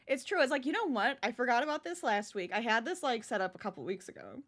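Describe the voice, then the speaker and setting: A woman's voice: on the high side, animated, fast, a bit bright. A young adult woman chatting casually with her live-stream viewers while she crochets, laughing often as she talks.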